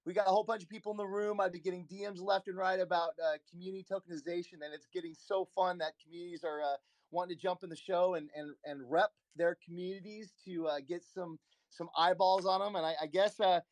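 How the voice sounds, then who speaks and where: A man with a high, bright voice co-hosts a casual live chat from home. He laughs a lot and rambles in an excited way. The sound is close and dry, with no room echo. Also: fast. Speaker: co-host.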